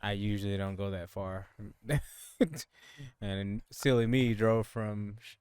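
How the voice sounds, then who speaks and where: A laid-back man from Louisiana chatting on a podcast, taking his time and laughing often. His voice sits low and comes out smooth and clear. He speaks very slowly, and the sound is dry and close. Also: steady tone, a little mellow, no room sound. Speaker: podcast co-host. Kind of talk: casual chat.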